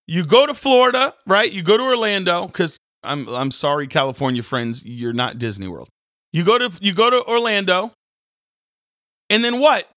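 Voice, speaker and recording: A man, a pastor hosting a daily devotional, preaching casually with sudden jumps into loud mocking voices. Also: high voice, lively intonation, moderate pace, dry recording, clean studio sound. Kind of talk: energetic devotional sermon.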